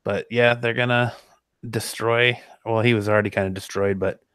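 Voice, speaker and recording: A low-pitched man chats loosely as a podcast host, drifting and restarting his thoughts. His voice sits close and dry on the mic. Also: steady tone, moderate pace, fairly bright tone, clear, resonant tone, dry recording. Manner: loose, rambling, restarts sentences often. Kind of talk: casual chat.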